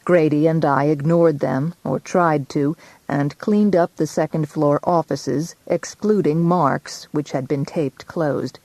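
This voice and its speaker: A woman narrating a first-person audiobook with a low voice, steady and measured. The sound is dry and close, with no room around it. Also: dry recording.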